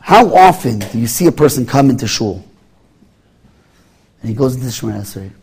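A man's voice: medium pitch, lively intonation, a little fast, a little mellow, slightly rough. A man giving a sermon as a rabbi, acting out little scenes in quoted voices as he teaches.

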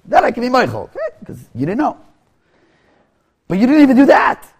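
A man's voice: extremely high pitch, huge pitch swings, a little fast, husky, voice pushed up, heavily acted. A man voicing an elderly humble rabbi who speaks firmly and explains himself. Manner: firm, lecturing.

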